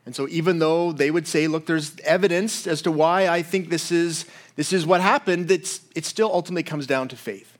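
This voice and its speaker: A male pastor gives a sermon in an easy, conversational way and keeps checking in with his listeners. His voice sits a little higher than most men's. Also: fairly quick, hardly any pauses.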